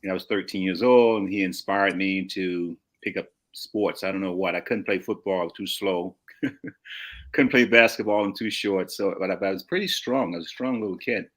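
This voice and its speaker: A man in his sixties from St. Louis tells anecdotes in a fairly low voice. He wanders, restarts his sentences and chuckles as he goes. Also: moderate pace. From St. Louis, USA. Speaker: guest. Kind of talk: casual storytelling.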